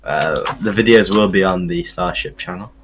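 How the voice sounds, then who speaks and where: A man's voice: low voice, normal speed, fairly bright tone. A man co-hosting a podcast, moving the talk on with brief prompts and questions. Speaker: podcast co-host. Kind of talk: casual chat.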